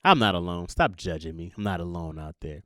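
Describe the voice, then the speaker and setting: A young man hosting a podcast, talking through a casual confessional monologue in an animated, jokey way and laughing at himself. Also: low-pitched, brisk, no echo, studio quality. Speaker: podcast host.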